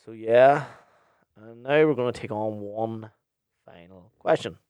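A young man with a fairly low voice, chatting on his podcast. He talks bluntly, swears freely and rambles with plenty of ums. The recording is dry and close, with no room sound. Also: a little slow, a little mellow, clean tone, no room sound, dull audio. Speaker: podcast host and DJ. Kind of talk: casual podcast chat, answering listener questions.

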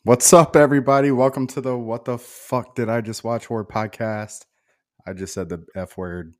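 A man's voice: mid-range voice, steady tone, normal speed, soft background music. A man hosting a horror movie podcast in a laid-back, casual way, full of fillers and calling people dude. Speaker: podcast host.

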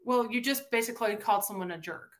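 A woman's voice: a little high, fast. A woman from Tennessee with a Southern accent, chatting as a podcast guest and acting out the quotes she tells. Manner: animated storyteller, acts out quotes. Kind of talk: casual interview chat.

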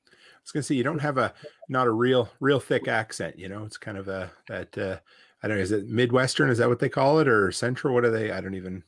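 A man's voice: mid-range voice, quick pace, dry recording, clean studio sound. A man from Nova Scotia hosting a podcast, chatting with a guest in an easygoing, enthusiastic way. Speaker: podcast host. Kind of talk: casual interview chat.

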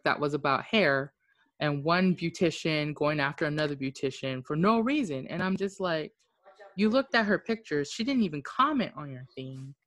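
A woman's voice: deep voice, lively intonation, normal speed, dry recording, studio quality. A woman co-hosting a casual podcast chat, outspoken and swearing freely.

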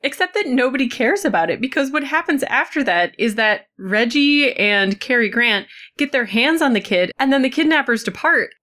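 A woman co-hosting a casual film chat, wry and quick to swear, acting out scenes she describes. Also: sits high, expressive, sharp tone. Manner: wry, swearing, acts out quotes. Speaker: podcast co-host.

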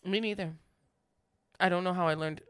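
A man co-hosting a podcast in casual chat, chatty and quick to laugh, with lots of fillers. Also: sits high, steady tone, a bit bright, smooth, dry recording. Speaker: podcast co-host.

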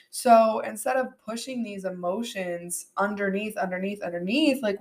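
A woman hosting a solo podcast, earnest and animated, with plenty of "like" and "um". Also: medium pitch. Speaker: podcast host.

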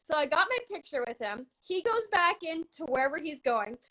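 This is a woman from Canada, around her thirties, telling a story in a loose, chatty way. Her voice sits high and sounds bright and forward. She gets animated, laughs easily, and bursts into shouts when she acts out the scene. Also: a little fast, low-quality recording. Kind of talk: casual storytelling.

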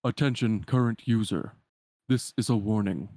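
A man's voice: on the low side, moderate pace, gravelly, no echo, studio quality. A man reading as a stern computer program. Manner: flat, formal warnings.

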